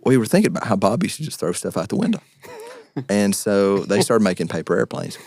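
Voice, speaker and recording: A young man, a podcast guest and actor, telling stories in an animated, casual way with frequent laughs and quick asides. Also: on the low side, dry recording, studio quality. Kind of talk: casual storytelling.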